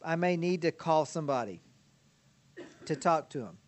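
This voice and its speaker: A man's voice: a little high, lively intonation, moderate pace. A man teaching a lecture on biblical counseling as an experienced counselor, talking conversationally, laughing often and checking in with his listeners. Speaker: counseling instructor.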